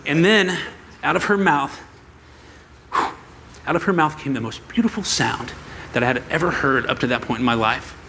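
A man's voice: a little high, moderate pace, long pauses, slight background noise. A man, preaching a personal story to his congregation and acting out the voices in it. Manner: animated storytelling, acts out quoted voices. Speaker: pastor. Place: church sanctuary.

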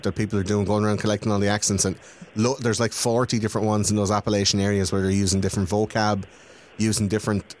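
Rambling man, low voice. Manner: swearing, rambling, jokey. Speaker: podcast guest. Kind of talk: casual chat.

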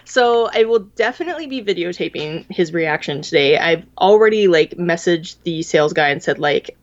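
A woman's voice: fairly low pitch, animated, moderate pace, few pauses. A woman in her thirties telling a long story in a casual podcast chat, rambling with lots of fillers. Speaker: podcast co-host. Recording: dull lo-fi sound.

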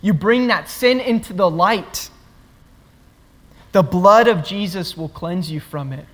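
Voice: medium pitch, slow, fairly bright tone. A pastor preaching a sermon to the congregation, earnest, building points through repeated phrases. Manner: earnest, repetitive emphatic phrasing. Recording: long reverb of a large hall.

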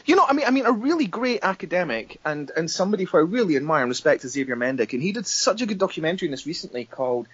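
A Scottish documentary maker on a podcast, ranting and swearing casually, with many restarts and fillers. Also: male voice, fairly high pitch, sing-song, very fast, few pauses, husky. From Scotland. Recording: dull lo-fi podcast audio.

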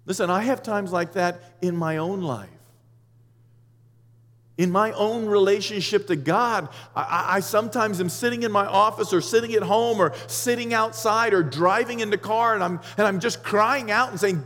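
Male preacher, high-pitched, fervent sermon delivery, long hall reverb. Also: moderate pace. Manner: impassioned, rising to shouts on emphatic lines.

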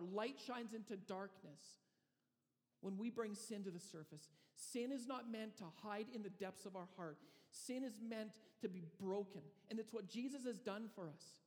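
A man preaching a sermon, telling a story with dramatic pauses and frequent restarts. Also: sits high, a little mellow, in a large hall. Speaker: pastor.

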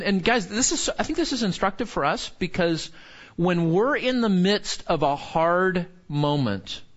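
Earnest pastor, dull recording. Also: male voice, on the high side, fairly bright tone. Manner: earnest, asks the group questions, many restarts. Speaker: pastor teaching a Bible study. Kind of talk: conversational sermon.

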